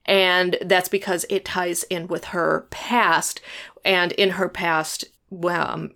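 A woman's voice: fairly low pitch, a bit bright. A young woman co-hosting a podcast, gushing about a book in casual chat and laughing often. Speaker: podcast co-host.

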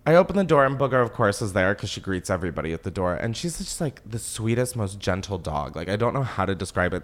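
Man, podcast host, casual chat, giggly, lively pitch, swearing. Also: quick pace, hardly any pauses. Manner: animated, giggly, swears often.

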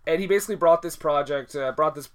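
A man's voice: a little high, quick pace. A man co-hosting a casual film podcast, loose and joking, swearing and laughing as he tells the story behind a movie. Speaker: podcast co-host.

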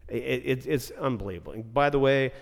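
A man's voice: mid-range voice, fairly quick, creaky, big-room sound. A man, a former ice rink manager, talking bluntly and with plenty of swearing in a casual podcast chat. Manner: blunt, profane, ranting.

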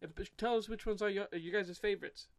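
A young man co-hosting a podcast in casual chat, animated and quick to tease his co-host. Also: sits high, vocal fry, over loud music.

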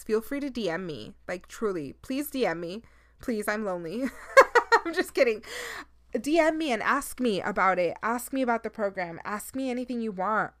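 A young woman talks through her solo podcast in a loose, candid way, sliding between tender and playful and sprinkling in Spanish words. Her voice is smooth and clear, at a middle pitch for a woman. The sound is dry and close. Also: no room sound. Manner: emotional, candid and chatty, drops Spanish words. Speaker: podcast host. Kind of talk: casual solo podcast chat.

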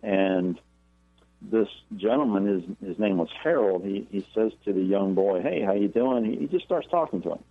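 A man, a paranormal researcher and author, tells an encounter story as an interview guest, halting with fillers and repeated words. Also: sits low, lively intonation, no echo. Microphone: phone. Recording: tinny phone line.

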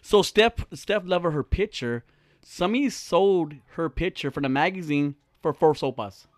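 A man's voice: fairly high pitch, animated, normal speed, no echo. A young man telling stories in a casual chat, slangy and profane, laughing often.

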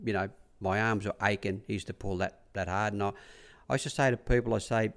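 With a fairly low, slightly bright voice, steady tone and brisk pace, this former track rider from Australia, middle-aged, rambles through anecdotes in a relaxed interview. He voices what others said and keeps saying "I said."

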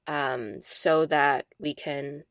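A woman in her thirties co-hosts a podcast, sharing a personal story in casual, chatty talk full of "like". Her voice sits low with a steady tone and an extremely slow pace. The recording is dry and studio quality.

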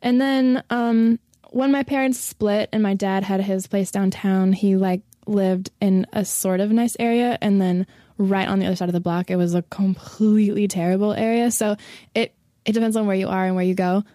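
A woman's voice: mid-range voice, steady tone, normal speed, mellow, dry recording. A young woman from the Chicago area chats easily in a casual conversation. She leans on "like" as a filler and laughs often. The sound is dry and close, with no room around her. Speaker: guest.

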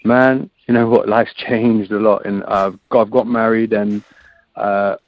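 A man's voice: lowish voice, fairly even intonation, unhurried, dry recording, dull audio. An English man and rugby player talking as a guest in a casual chat, laid-back, often saying "man". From England. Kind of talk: casual interview over a phone line. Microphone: phone or call line.

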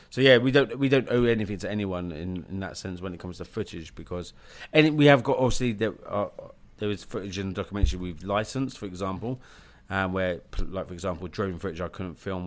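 A man from the United Kingdom, a documentary filmmaker, talking bluntly and with animation on a casual podcast over a call. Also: deep voice. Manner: blunt, animated storytelling with laughs.

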